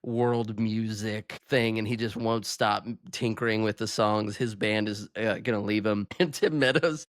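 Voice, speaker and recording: A man's voice: fairly low pitch, steady tone, measured pace, hardly any pauses, no echo. Young guy on a podcast, laughs a lot, does bits from the movie, dry close sound. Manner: laughs often, acts out quotes. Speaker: podcast co-host. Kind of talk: casual movie chat.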